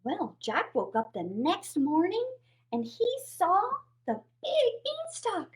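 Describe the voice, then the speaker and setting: A woman's voice: very high-pitched, huge pitch swings, slow. A woman hosting a children's storytime, playfully reading a fairy tale aloud with puppets. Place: home, recorded for a livestream.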